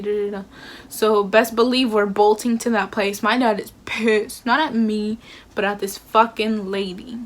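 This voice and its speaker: Young woman, casual storytime, chatty, many fillers, slightly high voice, faint background noise. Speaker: vlogger.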